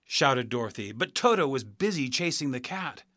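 A man reading a storybook aloud, slow and expressive. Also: mid-range voice, dry recording, studio quality. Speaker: narrator.

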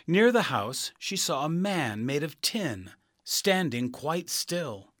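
A man reading a children's storybook aloud as narrator, slow, clear and expressive. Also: on the high side, no echo, studio quality.

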